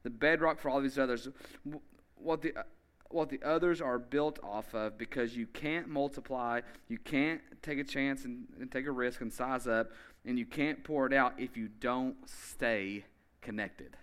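A man preaching a sermon as pastor, emphatic and energetic, speeding up in bursts and slowly repeating key phrases. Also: medium pitch. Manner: energetic, with quick bursts of speech.

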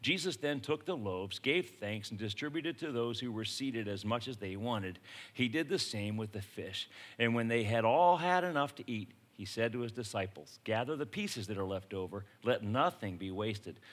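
A man preaching a sermon in a casual, conversational way, swinging from hushed lines to shouted ones. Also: lowish voice. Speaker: pastor.

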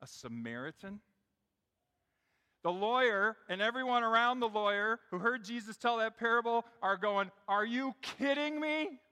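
In a church sanctuary, a middle-aged pastor preaches from the front, his high, bright voice expressive, smooth, and at a moderate pace. He tells the story conversationally, often addressing the congregation directly, while the big room's long reverb lingers on his words.

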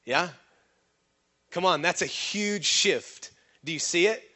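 A man with a high voice preaches a lively sermon. He keeps throwing questions to the congregation and waits for them to answer. Now and then he acts out other people's voices with sudden leaps in pitch. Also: takes it slowly. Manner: animated preaching with call-and-response questions to the congregation. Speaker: pastor.

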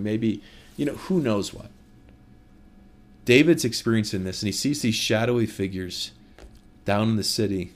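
A man preaching a conversational sermon, retelling a story and speaking directly to his listeners. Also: on the low side.

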